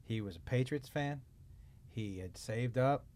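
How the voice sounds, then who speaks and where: In an unhurried, mid-range voice, this male podcast co-host spins casual stories, cursing liberally and performing other people's quotes with animation.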